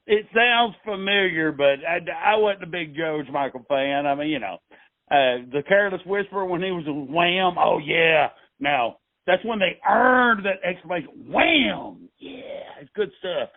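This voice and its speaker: A man's voice: a little high, expressive, normal speed, no echo, narrow, tinny audio. A male host, rambling in a folksy, joking way through a casual interview. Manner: rambling, folksy, restarts a lot.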